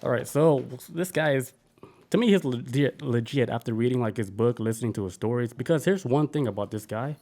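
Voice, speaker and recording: A man's voice: medium pitch, brisk, warm tone. A man hosting a podcast in loose, profane, enthusiastic casual chat. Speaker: podcast host.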